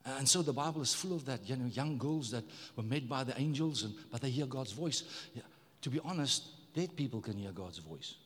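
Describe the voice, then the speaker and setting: A man's voice: medium pitch, lively intonation, brisk, hardly any pauses, big-room sound. A man preaching a sermon as pastor, emphatic, repeating words and calling on the congregation to respond. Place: church.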